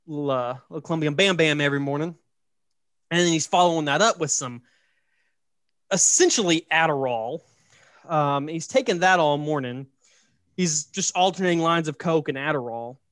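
A man casually telling a story on a podcast, joking and animated, tossing in "right?" and "like" as he goes. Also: fairly high pitch, no room sound, clean studio sound. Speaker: podcast host.

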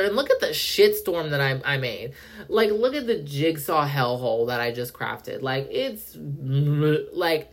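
Young female podcast host, low-pitched, fast and profane rant with sudden high jumps. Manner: fast, profane, heavy use of "like", indignant; pitch jumps up when worked up. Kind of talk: casual monologue rant.

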